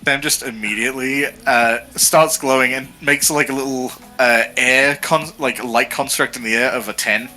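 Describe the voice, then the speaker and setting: A man's voice: mid-range voice, fairly even intonation, moderate pace, few pauses, sharp tone. A man playing in a tabletop game, talking hesitantly with lots of fillers. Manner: hesitant, filler-heavy, thoughtful. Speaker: player. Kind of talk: casual tabletop role-play.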